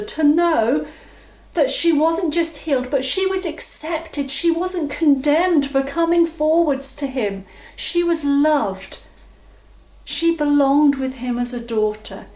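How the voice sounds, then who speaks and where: A woman from England preaching a sermon, reflective and earnest, slowing down to stress key words. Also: high voice, darkish tone. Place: church hall. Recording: roomy, distant mic.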